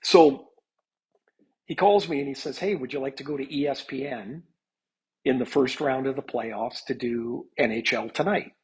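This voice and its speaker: A man's voice: medium pitch, normal speed, darkish tone, slightly rough, rough recording. A man in his fifties, a hockey analyst, telling stories in a chatty podcast interview, with many restarts.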